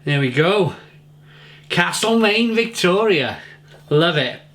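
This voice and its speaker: A man's voice: high-pitched, expressive, slow pace, a bit bright. A middle-aged man giving a casual, enthusiastic beer tasting review, often repeating and restarting his words.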